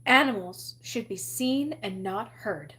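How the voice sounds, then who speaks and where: A woman's voice: mid-range voice, expressive, slow pace, a bit bright, slight background noise. A woman reading aloud, voicing a pompous, theatrical older headmistress who declaims grandly. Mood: declaiming.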